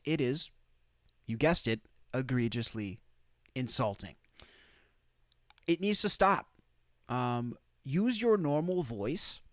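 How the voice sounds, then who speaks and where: This commentary streamer is a man broadcasting opinionated live commentary from outside the United States, with a medium-pitched voice. He is emphatic and keeps repeating his key phrases. The sound is clean and studio-grade, with no echo.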